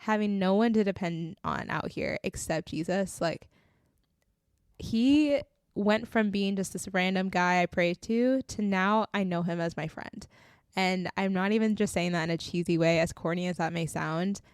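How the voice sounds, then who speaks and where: Speaking in a smooth, lowish voice at a moderate pace, a young faith podcast host tells her testimony in a dry recording. Her manner is earnest and heartfelt yet casual; she's frequently close to tears and uses "like" often.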